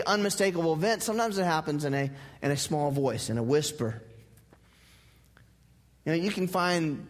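High-voiced pastor in a reverberant hall. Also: male voice. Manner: conversational and joking, repeating key phrases. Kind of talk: sermon. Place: church sanctuary.

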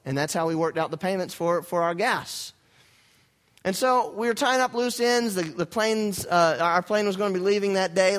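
A young adult man, a pastor, telling a story in a sermon with animated, self-mocking humor. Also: a little high.

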